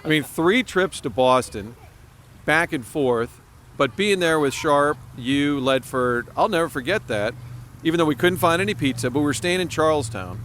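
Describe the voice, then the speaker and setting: A man co-hosts a relaxed sports podcast and tells his stories with animated energy, now and then laughing mid-sentence. His voice sits a little on the high side. Faint traffic noise hums behind him, as if from a street outside. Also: normal speed. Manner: storytelling, animated, laughs while talking. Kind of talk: casual chat.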